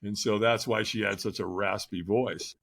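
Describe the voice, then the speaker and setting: An older man, a podcast guest, telling his life story candidly in a conversational way and getting animated when he acts out others. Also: lowish voice, normal speed, vocal fry.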